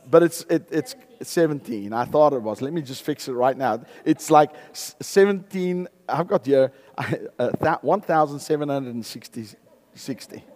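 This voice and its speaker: Slow, emphatic preacher man. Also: on the high side. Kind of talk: sermon.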